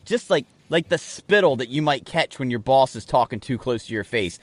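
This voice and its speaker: Animated man rambling on a podcast. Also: medium pitch, moderate pace, dry recording. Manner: rambling, animated storytelling with profanity. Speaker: podcast co-host. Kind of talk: casual podcast banter.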